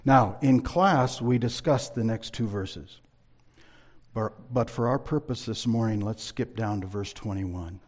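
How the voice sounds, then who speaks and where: A man teaching a Bible lesson in a sermon style, measured and emphatic, reading scripture aloud between explanations. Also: on the low side.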